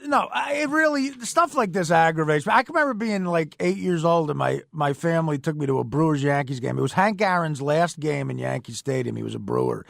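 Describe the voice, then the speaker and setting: A male comedian co-hosting late-night radio, rambling through stories and laughing between lines. His voice sits high with a gravelly edge, recorded close and dry. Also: lively intonation, brisk, hardly any pauses, a bit bright, no echo. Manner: rambling storyteller, laughs often.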